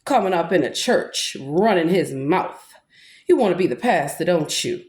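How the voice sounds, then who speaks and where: Her voice sits lowish and somewhat dark, with lively intonation at a moderate pace. A woman with a Black way of speaking, she preaches as a self-styled preacher in a defiant, impassioned monologue against her accusers, slipping into gospel-style singing, all captured with roomy echo and music underneath.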